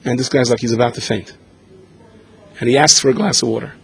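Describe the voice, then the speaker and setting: A man giving a storytelling sermon, animated and acting out the voices in his tales. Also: medium pitch, fast talker, vocal fry, a little hiss or hum. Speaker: speaker.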